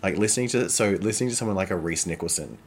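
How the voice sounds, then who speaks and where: Low-voiced and racing along over background noise, this podcast co-host keeps the talk casual and frank. He's animated, swears without restraint, and laughs often.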